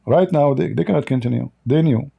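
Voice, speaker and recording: Guy ranting on his stream, dark gravelly voice, blunt, keeps restarting lines. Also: mid-range voice, a little fast, muffled recording. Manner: blunt, opinionated, with frequent restarts. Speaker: commentary channel host. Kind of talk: livestream political commentary.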